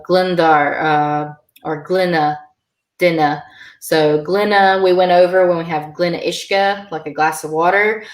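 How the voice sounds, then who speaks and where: A woman teaching a beginner online language lesson, halting, with many fillers. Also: low voice, echoey room.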